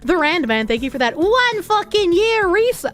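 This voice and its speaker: High, lively young woman streamer. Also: normal speed. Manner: animated, laughs often, swears freely. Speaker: livestreamer. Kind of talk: casual chat reading viewer messages.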